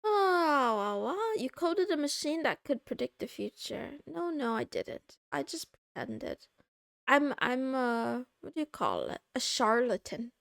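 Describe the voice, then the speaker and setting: A woman's voice: a little high, wildly swooping pitch, unhurried, creaky, a bit bright, no room sound, clean studio sound. A woman VTuber chatting casually on a live stream, giggling, teasing herself and reading viewer messages aloud. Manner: giggly, self-mocking, reads chat aloud.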